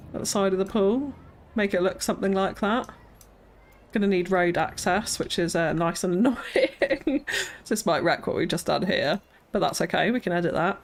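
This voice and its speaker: Chatty British woman streaming a game. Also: lowish voice. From Britain. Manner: thinks aloud, chatty, frequent nervous laughs. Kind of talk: casual live-stream chat while building.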